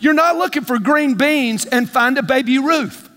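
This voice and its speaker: A pastor with a higher voice delivers a sermon at moderate pace, moving between relaxed conversation and bursts of shouted emphasis. He poses questions to the congregation in call-and-response fashion and acts out small dialogues. His voice carries a long reverb through the large church sanctuary, with slight background noise.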